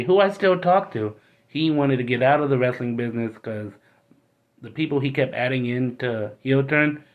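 A man hosting his own podcast alone, ranting bluntly and with a lot of swearing, and he gets worked up as he talks. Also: mid-range voice. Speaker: podcast host. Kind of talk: casual ranting monologue.

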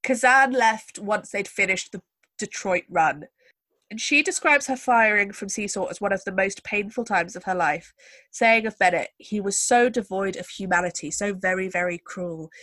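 A woman's voice: mid-range voice, fairly bright tone, no echo. Woman, podcast host, wry storyteller, dry close recording. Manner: chatty, wry storyteller with asides. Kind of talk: casual chat.

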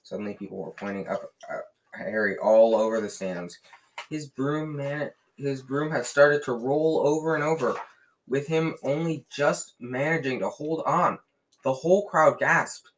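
A man reading a novel aloud in a lively way, often slipping and restarting words. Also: medium pitch, unhurried, a little hiss or hum, rough recording. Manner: lively, with frequent slips and restarts. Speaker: reader.

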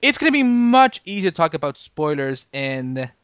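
A man hosts a podcast in easy conversation, his voice smooth and resonant and pitched a little high for a man. He often restarts his sentences and fills gaps with um and uh. The mic is close and dry. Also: very animated, a bit bright, no echo, dull audio. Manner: halting, many restarts and fillers. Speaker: podcast host. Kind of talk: casual podcast chat.

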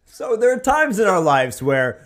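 Male podcast host, relaxed and giggly, slightly high voice with lots of pitch swing. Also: unhurried. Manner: laughs easily, loose and conversational. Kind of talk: casual chat, leading segments.

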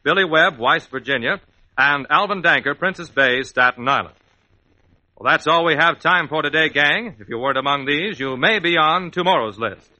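Brisk bright old radio announcer man. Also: fairly high pitch, rough recording. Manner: brisk listing of names.

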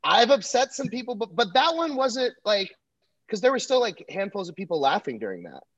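A young man, a comedian, chatting casually in a rambling, profane, animated way. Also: sits high, brisk, breathy edge, no room sound. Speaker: comedian and podcast co-host. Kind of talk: casual chat. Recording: dull lo-fi dry sound.

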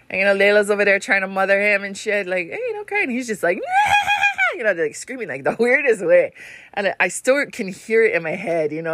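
A woman's voice: fairly low pitch, fairly bright tone, no room sound. A woman in her thirties with a Hawaiian Pidgin-tinged accent, telling a story in a rambling, profane way and laughing often as a podcast host. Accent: Hawaiian Pidgin-tinged English. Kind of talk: casual storytelling monologue.

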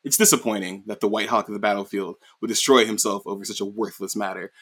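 A man's voice: on the low side, steady tone, fast talker, a bit bright, husky. A man voicing a bitter, cruel king while casually retelling an anime scene. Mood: scornful. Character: bitter aging male king, cruel and scornful.

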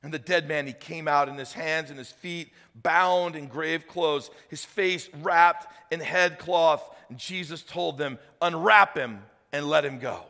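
A man preaching a sermon as pastor, telling the story with acted voices, loud shouted peaks and hushed appeals. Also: a little high, fairly even intonation, a little slow, hardly any pauses, big-room sound. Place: church hall.

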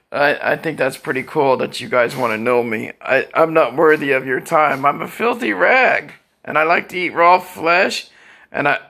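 An older man talks in a loose, crude, rambling monologue, stopping to cough from a dry throat. His voice is gravelly, with a bright edge. He fills the talk with shout-outs and offhand jokes. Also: mid-range voice. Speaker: social media vlogger.

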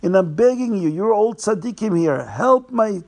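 Weeping elderly sage, put on by a male storyteller; raised, louder, pleading delivery. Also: high-pitched, expressive, normal speed, pitched above the performer's own voice. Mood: tearful pleading. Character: grieving old male sage pleading in tears.

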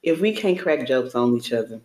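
A woman's voice: extremely low pitch, brisk, reverberant. A woman co-hosting a podcast in casual chat, playful and joking as she tells stories. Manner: playful, joking, animated storytelling. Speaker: podcast co-host.

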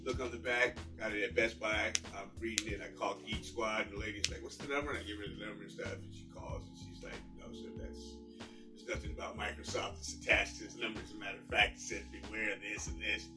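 A man's voice: fairly low pitch, quick pace. A man in his forties telling a frustrated story in casual chat and acting out both sides of the conversation. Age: 40s. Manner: animated ranting storyteller acting out dialogue. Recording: roomy, distant mic, faint music.

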